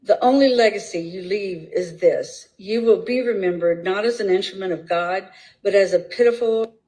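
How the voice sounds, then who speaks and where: Woman streamer reading out court statements, slow and firm, relaxed mellow voice. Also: medium pitch, poor audio. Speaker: true crime livestream host.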